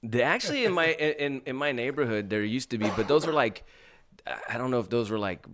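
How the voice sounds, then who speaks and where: A podcast host from Southern California with a slight Southern American drawl, chatting casually in a rambling, profane way. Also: male voice, mid-range voice, expressive, fairly quick, a bit bright, dry recording, clean studio sound. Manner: rambling and profane, full of filler phrases. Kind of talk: casual chat.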